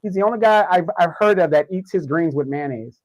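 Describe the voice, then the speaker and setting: Male livestream co-host, casual, quick jokey interjections, slightly higher pitch. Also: expressive, poor audio. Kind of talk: casual live discussion.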